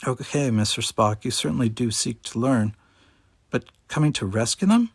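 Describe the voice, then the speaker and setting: A plain-spoken woman officer on a starship, as a man reads her. The voice is gravelly and close. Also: medium pitch, animated, normal speed, dry recording. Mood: earnest. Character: direct female starship officer.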